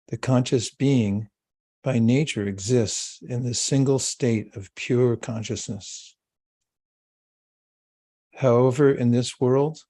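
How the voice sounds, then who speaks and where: A man giving a spiritual talk and a guided meditation, speaking slowly, calmly and soothingly with long pauses. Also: mid-range voice. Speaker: spiritual teacher.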